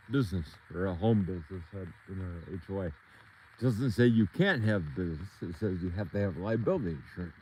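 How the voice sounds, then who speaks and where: A man's voice: fairly low pitch, dark tone, slight background noise, rough recording. A man out of breath, rambling in casual chat on a livestream as he walks outdoors and calls to his dogs. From Michigan. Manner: rambling, talks to his dogs between thoughts. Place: outdoors on a rural property edge.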